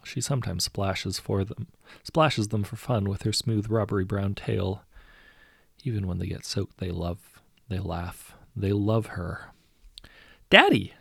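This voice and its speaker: A man softly narrating a story from a writing prompt in a hushed voice. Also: on the low side, fairly even intonation, measured pace, vocal fry, breathy edge, dry recording, studio quality.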